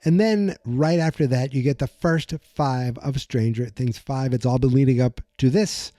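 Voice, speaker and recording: A podcast host talks his listeners through an episode in a loose, rambling way, often stopping to correct himself. His voice sits mid-range for a man and has a dark, mellow tone. He is recorded close on a desk mic with a dry, dead sound. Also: mid-range voice, normal speed, no echo. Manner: chatty and rambling, with frequent self-corrections. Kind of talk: casual episode recap. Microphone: desk microphone.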